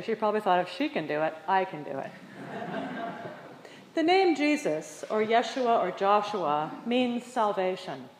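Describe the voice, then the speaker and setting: Woman preacher, mid-pitched, lively storytelling sermon, long reverb, faint room hum. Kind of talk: sermon with personal anecdote. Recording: echoey hall with long reverb.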